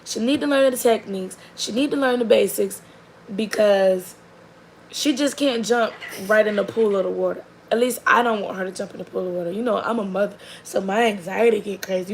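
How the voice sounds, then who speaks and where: Chatty mother with a gravelly voice. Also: mid-range voice, brisk, poor audio. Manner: animated, chatty, lots of fillers. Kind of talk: casual storytelling chat. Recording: faint background noise.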